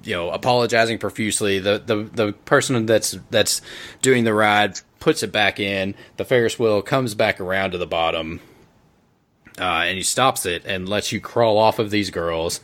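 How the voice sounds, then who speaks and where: A man narrating as game master in a tabletop game, relaxed and joking. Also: on the low side, normal speed.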